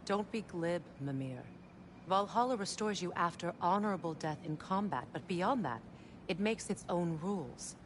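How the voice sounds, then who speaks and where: An actress playing a serious woman ally in a video game, speaking in a measured, cautioning way. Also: fairly low pitch, expressive, close to an everyday voice. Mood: earnest. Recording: noisy game audio.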